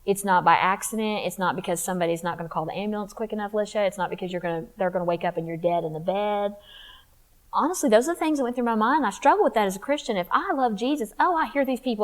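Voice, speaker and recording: A woman's voice: fairly high pitch, expressive, racing. A woman speaking at a women's church conference, sharing a personal testimony in a conversational, confiding way with emphatic rises.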